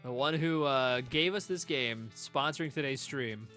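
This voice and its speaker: A man streaming a video game, chatty and quick to laugh as he reads along and talks to chat. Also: mid-range voice, pushed and bright, faint music behind. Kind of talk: casual let's-play commentary.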